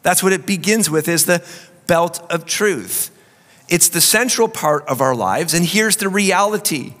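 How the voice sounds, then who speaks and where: A man's voice: sits high, animated, measured pace, a bit bright. A man preaching a sermon as pastor while he has a cold, his voice cracking at times, emphatic with joking asides. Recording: long reverb of a large hall.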